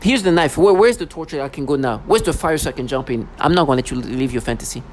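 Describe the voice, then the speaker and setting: A male vlogger on a city street launches into an agitated, emotional personal rant, repeating himself and mocking others in put-on voices. His mid-range voice is darkish and lively in intonation, and he talks rapid-fire. The low-quality recording picks up faint street noise and passing vehicles.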